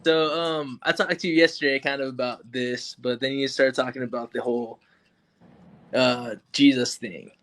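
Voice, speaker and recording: A man's voice: medium pitch, fairly even intonation, a bit bright. Hesitant man joining a debate. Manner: hesitant, halting. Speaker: debate participant. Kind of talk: casual chat.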